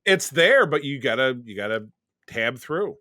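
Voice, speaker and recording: Man, podcast co-host, casual film chat, rambling, bright tone, dry sound. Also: mid-range voice, very animated, unhurried, no room sound. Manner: rambling, self-interrupting, trails into summaries. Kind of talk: casual movie discussion.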